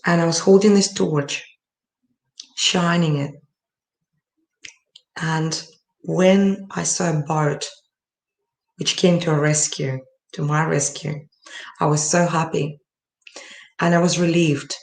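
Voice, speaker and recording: A woman's voice: low-pitched, steady tone, takes it slowly, vocal fry, long pauses. Earnest woman telling a story, echoey. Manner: earnest storytelling with many fillers and restarts. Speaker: summit speaker. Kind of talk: personal story talk. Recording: echoey room.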